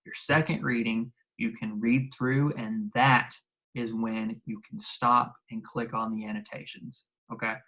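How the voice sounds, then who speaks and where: A man teaching a recorded video lesson, talking casually and repeating instructions slowly so students can write them down. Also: mid-range voice, fairly even intonation, pushed and bright, low-quality recording.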